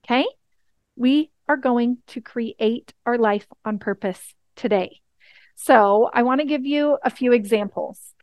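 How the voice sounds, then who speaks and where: A woman's voice: on the high side, measured pace, darkish tone, no room sound. A woman giving a coaching lesson, talking straight to her listeners and often checking in with "okay?" and "right?". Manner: talks directly to listeners, repeating "okay?" and "right?". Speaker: life coach.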